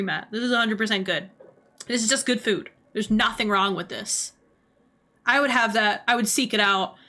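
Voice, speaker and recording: A young adult woman giving casual livestream commentary, animated, laughing often and swearing freely. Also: mid-range voice. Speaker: streamer.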